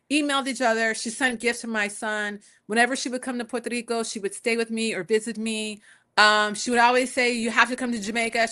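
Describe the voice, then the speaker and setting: A woman's voice: fairly high pitch, pushed and bright. A woman poet and scholar answering interview questions in a conversational way, telling stories and acting out the voices she quotes. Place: home in Puerto Rico.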